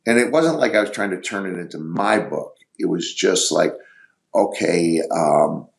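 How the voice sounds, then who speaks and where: A middle-aged man with a very low voice and a rough, gravelly edge. He talks in a loose, rambling way, pausing and restarting as he hunts for the right word. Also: lively intonation. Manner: rambling, halting, searches for words. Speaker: podcast guest. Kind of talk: casual storytelling.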